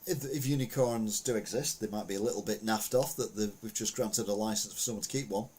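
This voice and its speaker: Husky chatty man. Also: fairly low pitch, brisk, a little mellow. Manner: rambling, chatty, frequent fillers and asides. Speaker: podcast host. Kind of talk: casual news commentary.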